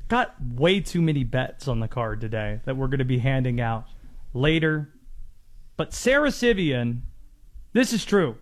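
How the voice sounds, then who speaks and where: A man in his thirties hosting sports talk radio in a chatty, amused way with rambling asides. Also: high voice.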